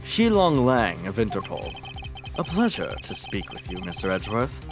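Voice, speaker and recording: A man voicing a cocky, tough male Interpol agent with a low, gravelly swagger, reading game dialogue aloud on a stream. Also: wildly swooping pitch, moderate pace, music in the background.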